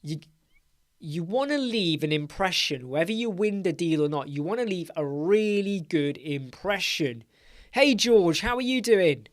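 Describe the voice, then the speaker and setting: A man's voice: sits high, expressive, measured pace, dry recording, clean studio sound. Tired, chatty English man hosting a live Q&A. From England. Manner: chatty, greets viewers by name, repeats words. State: tired, yawning. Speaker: livestream host. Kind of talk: casual live Q&A chat.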